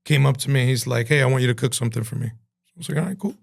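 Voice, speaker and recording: A man, a chef being interviewed, telling profane, animated stories and acting out the voices of other people. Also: medium pitch, rapid-fire, vocal fry, breathy edge. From Cuban-American from New Jersey. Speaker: chef and entrepreneur, podcast guest. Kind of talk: casual storytelling interview.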